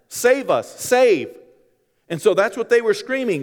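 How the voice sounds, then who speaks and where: A man's voice: high voice, lively intonation, unhurried, long reverb tail. A man preaching a sermon in a conversational way, with joking asides to the congregation. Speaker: pastor.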